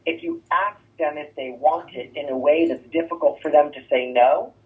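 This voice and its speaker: A man gives a real estate sales lesson in a coaching tone, tossing in quick "right?" checks as he walks through his scripts. His voice sits a little high for a man. The recording is narrow and phone-like, and he sounds set back from the microphone. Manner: coaching, rhetorical "right?" asides. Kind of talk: sales training talk. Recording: thin phone-like distant sound.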